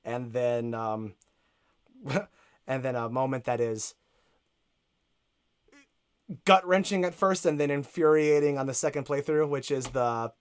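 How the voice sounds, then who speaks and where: A man's voice: medium pitch, unhurried, clear, resonant tone. A man co-hosting a casual podcast, eager and rambling, often searching for words. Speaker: podcast co-host.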